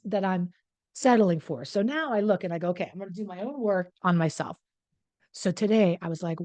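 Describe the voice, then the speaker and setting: A woman's voice: medium pitch, fairly quick, darkish tone, no room sound. A middle-aged woman coach talking casually and candidly to the camera, mocking herself in a chatty way. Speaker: relationship coach. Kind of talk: casual direct-to-camera talk.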